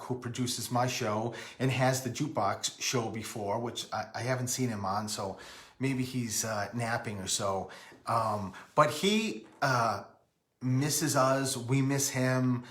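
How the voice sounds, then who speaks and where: A man's voice: mid-range voice, reverberant. Rambling man hosting a live stream. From Rhode Island. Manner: rambling, greets viewers by name mid-sentence. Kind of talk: casual live stream chat.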